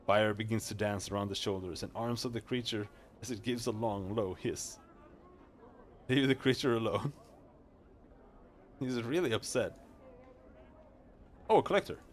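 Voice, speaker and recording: A male streamer reading video game text aloud, quick and stumbling over words now and then. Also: on the low side, a little hiss or hum.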